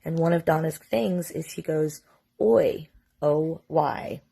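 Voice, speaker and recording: Husky-voiced woman telling a storytime. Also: deep voice, level tone, a little slow, dark tone. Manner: casual, chatty, sprinkles in "like" and mild swearing. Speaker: mother telling a family story. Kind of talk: storytime vlog.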